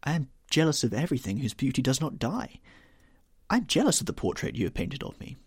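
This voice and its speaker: A man's voice: mid-range voice, sing-song, quick pace, husky, no echo, studio quality, pitched above the performer's own voice. A man reading the part of an anguished, vain young man who dreads growing old, pleading and rising to despair. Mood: impassioned.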